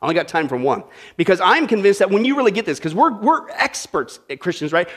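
A man with a high voice preaches a sermon. He is animated and humorous, and he often checks in with his listeners as he goes. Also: brisk. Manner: animated, humorous, talks straight to the audience. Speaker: pastor.

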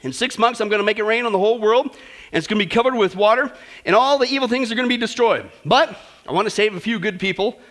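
A man's voice: high-pitched, fast talker, fairly bright tone. A male preacher voicing God, announcing orders in a matter-of-fact way. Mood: commanding.

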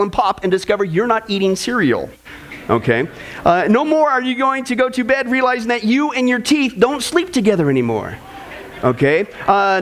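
High-voiced guy preaching, cracking jokes, punchy lists, talks right at the crowd. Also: fairly bright tone. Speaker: pastor. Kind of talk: humorous sermon.

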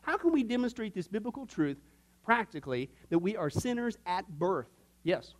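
A man's voice: sits high, big pitch swings, normal speed. A man teaching an informal Bible class, folksy and joking, often slipping into quoted voices.

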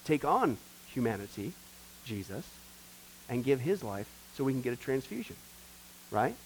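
A man teaching a discipleship class as a pastor, questioning the class and swinging from hushed to loud as he tells a story. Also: mid-range voice, very animated, moderate pace, pauses often, a little hiss or hum, rough recording. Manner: retells a story, acting out the voices in it.

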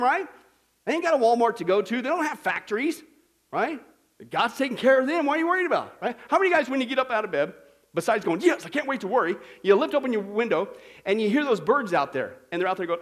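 A male pastor preaching a sermon in an animated way, acting out little voices and jokes to make his point. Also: very high-pitched, quick pace.

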